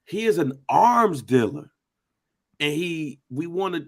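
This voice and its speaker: A man with an American accent chatting casually on a podcast, slangy and animated, acting out quotes in voices. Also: fairly high pitch, slow pace. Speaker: podcast co-host.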